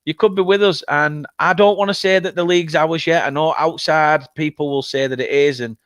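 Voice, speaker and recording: A man from England hosts a live football watchalong in an excitable, emotional, chatty way, reading viewer comments aloud. His voice is smooth and resonant. The sound is dry and close, with no room echo. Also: a little high, normal speed. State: upset, has been crying. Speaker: football fan channel host.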